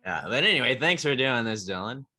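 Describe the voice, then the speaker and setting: A man's voice: medium pitch, very animated, fairly quick, sharp tone. A man hosting an advice podcast, chatting casually and joking, laughing often. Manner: laughs often, jokey and upbeat. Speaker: podcast host.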